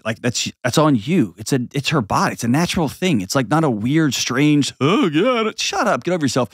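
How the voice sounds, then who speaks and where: A man with a mid-range voice gives casual advice on his show, heard in a dry, clean studio recording. He's blunt and energetic, mimicking others in mocking tones in the middle of his sentences.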